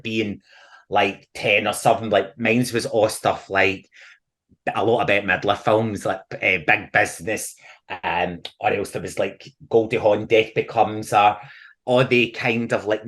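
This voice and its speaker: A middle-aged Scottish man, a podcast guest, chatting casually and telling animated stories with frequent laughs. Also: on the low side. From Scotland. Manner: animated storyteller, laughs often. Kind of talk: casual chat.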